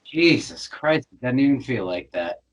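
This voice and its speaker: A man's voice: mid-range voice, animated, normal speed, highs cut off. An American man co-hosting a podcast, rambling, sweary and laughing easily in casual chat. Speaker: podcast co-host.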